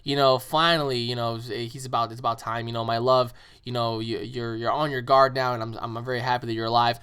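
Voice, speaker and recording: A man casually putting on a haughty villain's wife who mocks her foes. He barely changes his ordinary mid-pitched voice. It is heard in a spoken story retelling. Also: level tone, a little fast, pushed and bright, smooth, natural voice. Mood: smug. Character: smug scornful alien woman, villain's wife.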